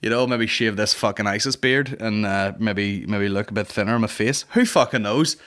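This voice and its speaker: A man's voice: fairly low pitch, moderate pace, a bit bright. A man in his thirties hosting a comedy podcast, rambling and swearing in a boisterous casual monologue. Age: 30s. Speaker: podcast host.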